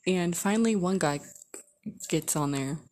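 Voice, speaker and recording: Woman vlogger, a bit low-voiced, casual rambling storyteller. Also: a little slow, a little mellow, slight background noise. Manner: rambling, chatty, frequent "like" fillers.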